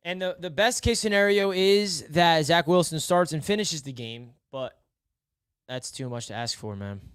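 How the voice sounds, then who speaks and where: A man's voice: on the high side, moderate pace, a bit bright, clean tone, no echo, studio quality. A young man hosting a casual live sports stream, rambling and mock-despairing, repeating himself.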